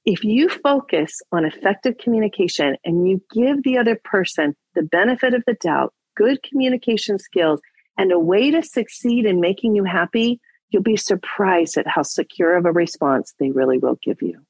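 A woman's voice: mid-range voice, normal speed, no room sound, poor audio. A woman relationship coach on a podcast, telling a personal story with acted-out dialogue and giving advice. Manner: animated storyteller, acts out dialogue.

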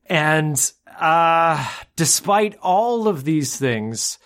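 A man's voice: on the high side, expressive, very slow, fairly bright tone. A man co-hosting a casual movie podcast, opinionated and teasing. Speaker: podcast co-host.

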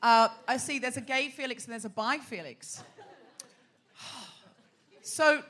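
A woman's voice: a little high, measured pace, a bit bright. An Australian woman hosting a live comedy podcast on a theatre stage, teasing and bantering with the audience. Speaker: podcast host. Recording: live theatre with crowd and faint noise.

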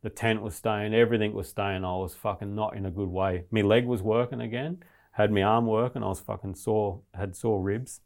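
A man's voice: fairly low pitch, moderate pace. A man telling a survival story in casual, rambling, heavily profane talk. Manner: profane, rambling, animated retelling.

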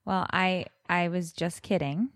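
A woman in her thirties or forties co-hosting a podcast, talking casually with joking, exasperated, animated storytelling. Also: lowish voice, a little slow, no echo, studio quality. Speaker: podcast co-host. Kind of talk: casual chat.

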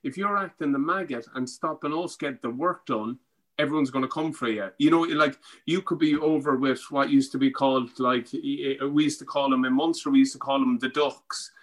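An Irish man, a former rugby player, chatting as a podcast guest and telling animated stories, acting out what others said. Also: mid-range voice, a little fast, poor audio. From Ireland. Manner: animated storytelling, acting out quotes. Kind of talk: casual chat.

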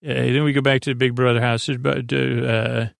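A man hosting a sleep podcast, recapping an episode in a halting, hesitant way with many pauses. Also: medium pitch, little pitch movement, creaky, dry recording, studio quality. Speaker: podcast host.

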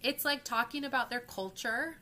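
A woman's voice: a little high, normal speed, bright, forceful tone. A young woman co-hosting a casual movie podcast, chatty and giggly, often quoting lines from films. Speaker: podcast co-host.

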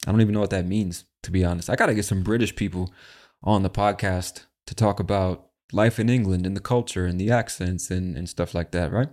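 Male podcast host, very low voice, brash, casual, swears. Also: steady tone, fairly quick, a little mellow. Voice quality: brash, chatty, swears freely.

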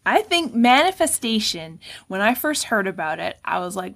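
A woman's voice: high-pitched, sing-song, a little slow, fairly bright tone. A woman with a Canadian accent hosting a casual podcast interview, conversational and laughing. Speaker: podcast host.

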